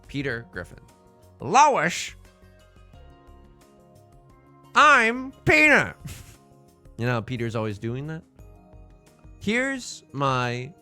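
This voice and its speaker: A man giving casual live-stream commentary on a game, animated, playful and self-mocking. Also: medium pitch, slow, pauses often, soft background music.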